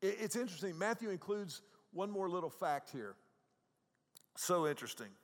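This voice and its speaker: In a church sanctuary, a high-voiced pastor gives a sermon at normal speed, his pitch swinging widely. He speaks conversationally with frequent stammered repetitions, moving from hushed moments to ringing, emphatic ones, while a long reverb trails each phrase through the hall.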